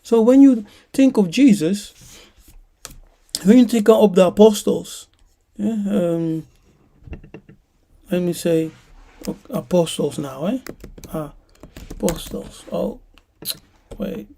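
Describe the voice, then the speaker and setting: Slow, mellow-voiced woman preaching. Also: lowish voice, gravelly, slight background noise. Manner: emphatic, asks listeners rhetorical questions. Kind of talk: sermon-like teaching.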